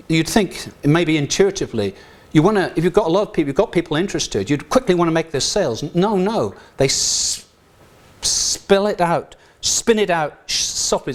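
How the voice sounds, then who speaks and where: A man's voice: on the high side, very animated, moderate pace. An older British man giving an academic lecture in a talk room, conversational, with frequent asides and restarts. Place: lecture hall.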